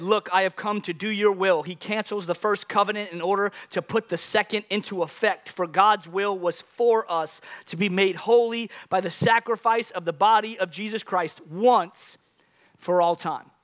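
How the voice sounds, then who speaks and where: A man who is a lead pastor, delivering a sermon to a congregation, moving from calm teaching to loud, emphatic preaching with call-outs to the crowd. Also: on the high side. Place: church service before a congregation.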